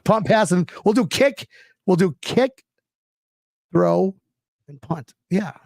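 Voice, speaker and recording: Chatty, high-voiced male stream host. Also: expressive, takes it slowly, gravelly, darkish tone, no echo, clean studio sound. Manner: loose, rambling, profane, chatty with viewers. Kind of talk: live sports talk stream.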